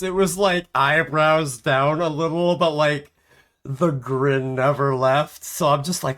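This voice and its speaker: A man's voice: a little high, fairly even intonation, slow pace, a bit bright. A man streaming a game live, chatting casually in a rambling, self-mocking way and laughing often.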